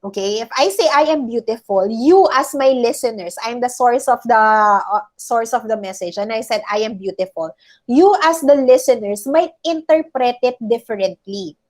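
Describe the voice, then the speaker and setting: A Filipino-accented woman teaches a class over a video call, her voice sitting fairly high. She explains patiently and keeps checking in with her listeners between points. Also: normal speed. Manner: explains patiently, often checking in with "okay?" and "all right?". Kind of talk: online class lecture.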